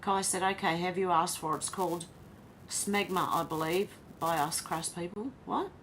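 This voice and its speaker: Speaking at normal speed in a lowish, somewhat bright voice, an Australian woman hosts a casual livestream. She reads viewer comments aloud and chats in response, with slight background noise.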